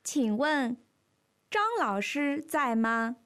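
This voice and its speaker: A woman's voice: a little high, takes it slowly, fairly bright tone, clean tone. A woman playing a polite young woman visiting a teacher, in a scripted lesson dialogue.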